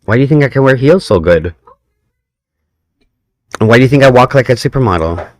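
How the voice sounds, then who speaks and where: A man's voice: medium pitch, lively intonation, brisk, no echo. Playful man in a casual chat. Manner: playful, teasing.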